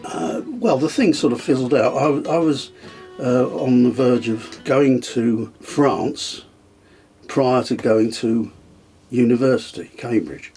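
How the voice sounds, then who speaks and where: An older man, reminiscing in conversation, telling anecdotes with frequent chuckles and halting fillers. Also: medium pitch, a little mellow, faint music behind. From England. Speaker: guest, storyteller.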